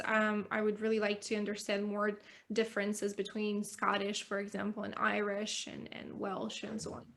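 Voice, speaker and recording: A woman's voice: mid-range voice, bright, forceful tone. A woman, an English teacher, chatting candidly as a podcast guest and laughing easily. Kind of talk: casual conversation.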